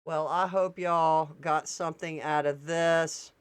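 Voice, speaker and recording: A woman's voice: deep voice, fairly even intonation, slow pace, smooth, no room sound. A woman, doing casual political commentary and reacting to posts on screen in a blunt, profane way.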